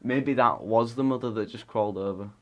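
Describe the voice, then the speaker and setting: A man's voice: on the low side, brisk, lo-fi sound. A young man co-hosting a podcast, chatting laid-back and mocking himself. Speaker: podcast co-host. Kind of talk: casual chat.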